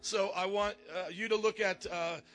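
A man making lively, joking announcements from the pulpit of a church, calling out to the congregation. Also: sits high, moderate pace. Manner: animated, joking, calls out to the congregation. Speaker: pastor. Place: church sanctuary.

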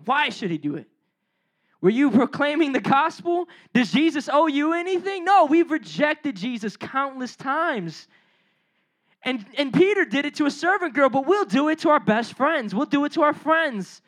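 A high-pitched preacher speaks in an easygoing, slangy way, like someone talking with friends rather than preaching formally. The speaker retells the story with acted-out dialogue and often turns to the listeners with direct questions. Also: expressive, moderate pace, a bit bright. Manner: slangy, storytelling, acts out the biblical characters' lines in dialogue; asks the audience questions and addresses them directly. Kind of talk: casual conversational sermon.

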